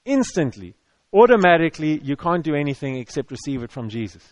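Preaching to a church-hall audience, this man speaks briskly in a voice on the high side with big pitch swings. He talks conversationally and repetitively, restarting with stammers, and no room sound is audible.

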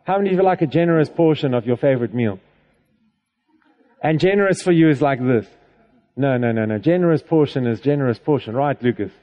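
Speaking briskly in a mid-range voice, a man delivers a relaxed, conversational sermon, frequently checking in with the congregation and sharing laughs. The audio is dull and carries the echo of a hall.

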